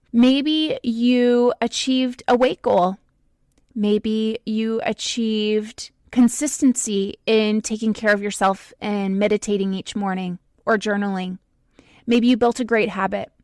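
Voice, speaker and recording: A woman hosting a podcast, giving an emphatic motivational talk to the listener with slow, deliberate stresses. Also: a little high, a little mellow, no echo. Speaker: podcast host.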